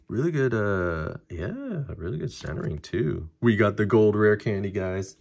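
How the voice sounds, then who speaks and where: A man casually talking through a card-opening video, chatty and excitable as he reacts to each pull. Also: on the low side, moderate pace, vocal fry, hardly any pauses.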